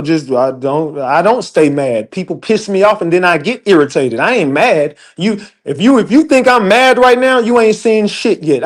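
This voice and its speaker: A man ranting on a livestream, profane and emphatic, talking straight to his chat. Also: sits high. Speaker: livestream commentator. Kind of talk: heated livestream rant.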